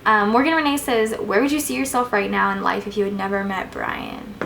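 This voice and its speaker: A woman's voice: mid-range voice, fairly even intonation, fairly quick, gravelly, fairly bright tone, a little hiss or hum, poor audio. A young woman answering viewer questions in a casual vlog, chatty and gushing, with plenty of "like"s and fillers. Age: young adult. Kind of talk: casual Q&A chat.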